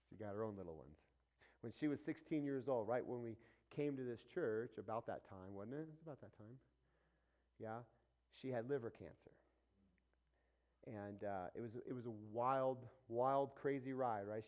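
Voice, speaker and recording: A middle-aged man preaching a conversational sermon, casual and animated, acting out the voices of the people he quotes. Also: mid-range voice, lo-fi sound. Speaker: pastor.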